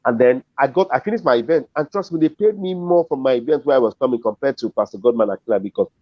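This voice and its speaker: A man's voice: medium pitch, quick pace, dry recording. A middle-aged Nigerian man, a comedian and compere, telling a story as an interview guest and acting out the voices of the people in it. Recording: dull dry lo-fi audio.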